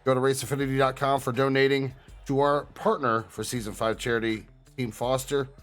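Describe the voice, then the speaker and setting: A man's voice: mid-range voice, flat delivery, a little fast, soft background music. Playful male co-host in mock defeat. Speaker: co-host and race predictor. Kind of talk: live broadcast sign-off banter.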